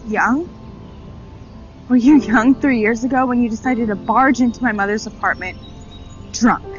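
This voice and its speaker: An actress playing a cold, resentful estranged adult daughter, curt and dismissive, in a film scene. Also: female voice, fairly high pitch, normal speed, natural voice. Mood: angry. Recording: dull film audio under music.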